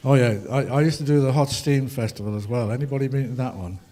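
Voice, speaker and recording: Talking fast in a warm, medium-pitched voice, an older ragtime musician entertains a festival crowd with rambling, funny stories. His anecdotes are peppered with fillers.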